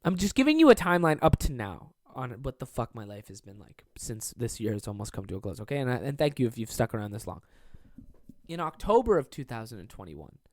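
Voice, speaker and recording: A man's voice: medium pitch, very animated, quick pace, dry recording. A man in his twenties hosting a podcast, talking in a rambling, profane, self-deprecating way as a stand-up comedian. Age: 20s. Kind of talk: casual solo podcast monologue.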